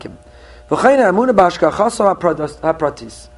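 Rabbi delivering a sermon, middle-aged man, slightly high voice, earnest, Hebrew phrases in English. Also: normal speed, darkish tone. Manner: earnest teaching, with rising emphasis on key points.

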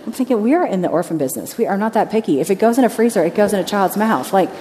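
A woman missionary telling a story in a sermon, lively and anecdotal, acting out the people in it. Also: medium pitch, fast, hardly any pauses, slight background noise. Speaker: missionary speaker. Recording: long reverb of a large hall.

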